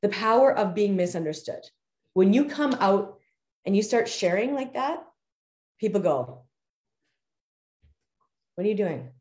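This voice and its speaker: A woman hosts a live figure skating coaching show and gives a motivational talk, stressing and repeating her key phrases. Her voice is mellow and warm, and her words address the audience directly. The room adds a clear echo. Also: medium pitch, expressive, moderate pace. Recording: roomy echo.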